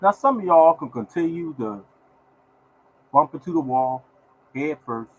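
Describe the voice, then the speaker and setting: A man's voice: a little high, expressive, measured pace, a little hiss or hum, low-quality recording. A man hosting his own lottery podcast, talking in a repetitive, preachy way and scolding his listeners. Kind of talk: casual podcast rant.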